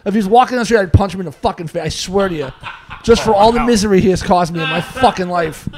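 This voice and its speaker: A man's voice: high-pitched, quick pace, a crowd in the background. A man co-hosting a casual podcast, ranting, swearing and laughing as he talks. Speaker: podcast co-host. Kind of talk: casual profane podcast banter. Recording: noisy podcast recording.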